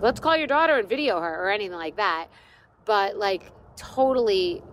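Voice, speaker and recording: With a faint hiss or hum behind her mid-range voice, this middle-aged podcast host spins a story in a loose, self-deprecating rant. She gets animated and voices the quotes of the people involved.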